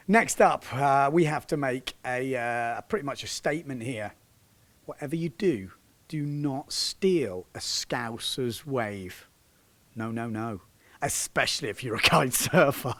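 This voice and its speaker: Jokey bright-voiced windsurfing coach. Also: male voice, mid-range voice, lively intonation, a little slow, no echo. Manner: jokey, laughing, shouts encouragement. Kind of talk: casual commentary over video.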